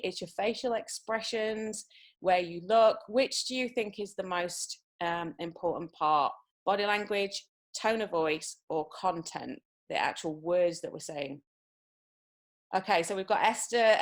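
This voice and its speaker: Upbeat woman coaching over a video call. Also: medium pitch. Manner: upbeat, reads out participants' answers. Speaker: communication coach. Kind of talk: live online workshop. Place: home, wrapped in a blanket.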